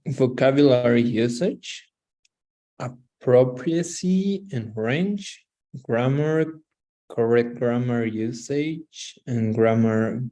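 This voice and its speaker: Slow-reading male student, mellow voice. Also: mid-range voice, poor audio. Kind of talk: reading bullet points aloud.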